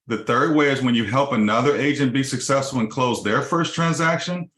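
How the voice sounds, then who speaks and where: A man's voice: medium pitch, fairly quick, a bit bright. A man giving a business presentation to real estate agents, explaining step by step with frequent fillers. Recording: roomy echo.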